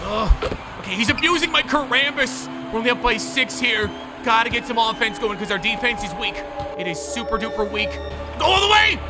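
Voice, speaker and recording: Excitable male gaming host, very high voice, play-by-play over loud game music. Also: brisk. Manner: excitable, shouts and groans at the game. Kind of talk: live gameplay commentary.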